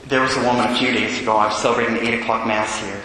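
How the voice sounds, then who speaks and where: A Catholic priest preaching a sermon, telling a story with earnest feeling and dropping to a hush for the quiet moments. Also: male voice, mid-range voice, little pitch movement, racing, slight background noise. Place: church. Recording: echoey church hall.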